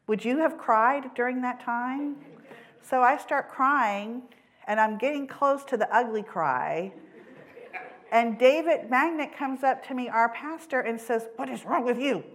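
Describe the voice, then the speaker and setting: A woman's voice: on the high side, unhurried. A woman giving an earnest personal testimony in a church service, telling stories with many ums and self-corrections. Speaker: church mission supporter.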